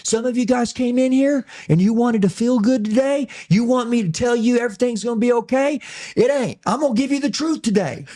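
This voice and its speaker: A man's voice: very high voice, fairly quick, voice pushed up. A man imitating a blunt, fiery male preacher who confronts his congregation. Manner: loud, direct, preachy delivery.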